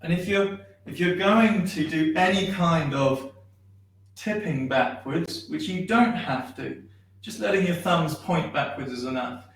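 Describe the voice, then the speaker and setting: A man teaching a shiatsu class, guiding breathing and stretches in a gentle, unhurried way with many pauses and ums. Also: on the high side, slight background noise. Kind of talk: guided movement class. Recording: echoey room, far from mic.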